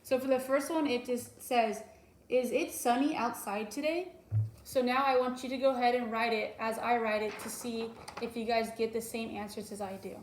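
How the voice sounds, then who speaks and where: A woman's voice: a little high, flat delivery, fairly quick, hardly any pauses, slight background noise. A young woman teacher giving a recorded lesson to young children, explaining patiently with frequent ums. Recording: roomy echo.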